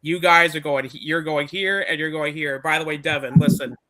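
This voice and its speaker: A man's voice: a little high, steady tone, normal speed, pushed and bright. A man casually imitating an irritated male villain who talks in a blunt, exasperated way. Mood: annoyed.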